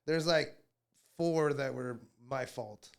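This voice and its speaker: A man guesting on a podcast, telling stories in casual chat, heavily profane and animated, often slipping into the voices of people he quotes. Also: mid-range voice, takes it slowly, creaky, smooth.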